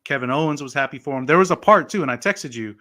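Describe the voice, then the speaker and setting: A man co-hosting a casual podcast, talking in an animated way with lots of "like" and "you know". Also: fairly high pitch, quick pace. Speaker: podcast co-host. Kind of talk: casual wrestling podcast chat.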